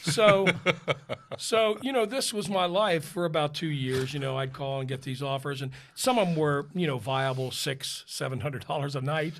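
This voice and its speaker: A man's voice: fairly high pitch, moderate pace. A man hosting a podcast, telling a story in a self-mocking way and laughing as he goes. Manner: animated, self-mocking, laughing between lines. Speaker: podcast host. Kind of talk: casual storytelling.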